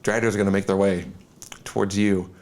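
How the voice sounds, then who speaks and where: A man as dungeon master, narrating combat and calling for rolls in a lively, laughing way. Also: low voice, fairly quick. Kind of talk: running a tabletop game.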